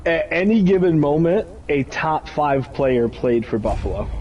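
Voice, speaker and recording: A man in casual sports chat, excitable and swearing, laughing easily. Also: on the high side, measured pace, lo-fi sound, slight background noise.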